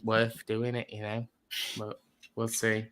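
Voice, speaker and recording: Flat, bright-voiced man explaining at length. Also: on the low side, takes it slowly, a little hiss or hum. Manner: explains at length, hesitant with many fillers. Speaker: livestream guest. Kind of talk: casual chat.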